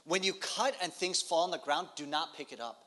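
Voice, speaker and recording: Male preacher with a slightly raised pitch, telling the story in short lines and pausing for his interpreter. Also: fairly bright tone. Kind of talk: sermon with live interpretation.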